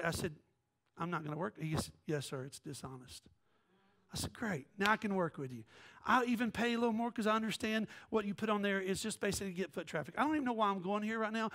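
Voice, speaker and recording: A male pastor delivers a lively storytelling sermon, slipping in and out of quoted voices and jokes. His voice sits fairly high for a man. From American South. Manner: animated, joking, jumps between quoted voices.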